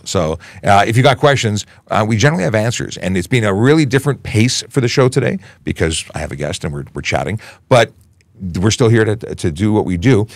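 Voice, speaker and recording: This Canadian man works in police media relations and fields viewer questions on a relaxed livestream Q&A, speaking animatedly and conversationally with frequent restarts. His voice is lowish, and there's no room sound.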